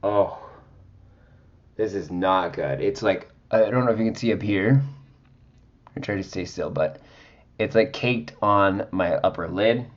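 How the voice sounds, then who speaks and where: Heard through a muffled recording, a man with a fairly low voice reviews makeup from home. It's a casual vlog, and he's chatty and theatrical, punctuating his talk with sassy exclamations.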